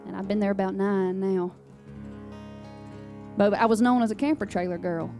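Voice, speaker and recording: A woman's voice: mid-range voice, normal speed, warm tone, soft background music. Sassy Southern woman telling stories. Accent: Southern US, Louisiana. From Louisiana. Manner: folksy, sassy, down-home storytelling. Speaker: country singer. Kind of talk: storytelling between songs. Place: radio station performance studio.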